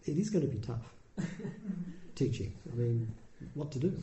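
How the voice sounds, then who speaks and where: A man giving a Buddhist dharma talk, telling the story in a relaxed, conversational way with dry humour. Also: fairly high pitch, measured pace, slight background noise. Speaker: dharma teacher. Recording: roomy echo.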